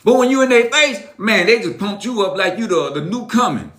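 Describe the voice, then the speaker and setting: A middle-aged man talks in a high, ringing voice on a live-stream motivational talk. He is emphatic and preachy, driving his points home by repeating them. The recording sounds like an echoey room. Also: animated, a little fast, a bit bright.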